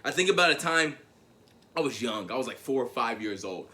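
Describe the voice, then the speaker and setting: A man from Tennessee, giving a convention keynote as a motivational speaker and telling a story with animated swings between loud and hushed delivery. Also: mid-range voice, brisk.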